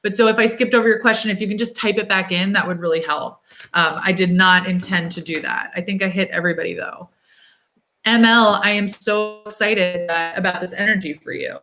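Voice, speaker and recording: Bright-voiced woman chatting on a livestream. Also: mid-range voice, steady tone, faint music behind. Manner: chatty, thinks aloud, fills pauses with "um" and "like"; upbeat and encouraging. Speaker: tarot reader hosting a livestream. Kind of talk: casual live-stream chat.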